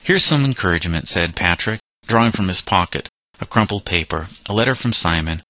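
Man, storybook narrator, deep low voice, crisp bright tone, dry close recording. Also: lively intonation, brisk, no echo. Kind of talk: audiobook reading of a children's novel.

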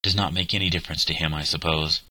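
An indignant, bitter young schoolboy, as a man reads him. The voice is very deep and forceful, recorded dry and close. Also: steady tone, fast, no echo, full character voice.

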